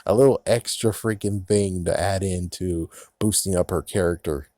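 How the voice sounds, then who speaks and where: A man with a lowish voice rants through a TV episode recap in a loose, sarcastic way, swearing freely and laughing at the plot. The sound is dry and close, with no room around it. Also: moderate pace, warm tone, no echo. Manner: sarcastic, profane, frequently laughing. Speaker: TV episode reviewer. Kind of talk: casual recap and review.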